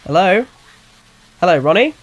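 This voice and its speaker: A man's voice: on the high side, expressive, normal speed. A man voicing a young male photographer who talks in a tense, raised, insistent way. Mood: alarmed.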